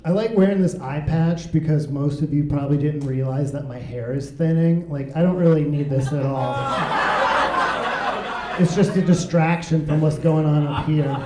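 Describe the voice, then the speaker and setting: A man's voice: on the high side, moderate pace, reverberant, very noisy. A man performing a stand-up comedy set in a club, wry and playful with absurd asides.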